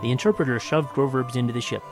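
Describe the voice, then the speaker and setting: A man reading a science fiction story aloud with dramatic, expressive narration. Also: medium pitch, fast, over music.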